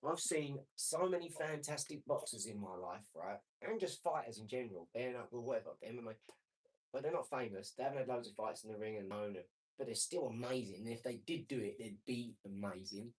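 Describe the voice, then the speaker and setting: A man's voice: mid-range voice, fairly quick, breathy edge. Brash man in his forties. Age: 40s. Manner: brash, boastful, street-talking. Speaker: livestream host. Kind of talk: casual live-stream chat answering comments.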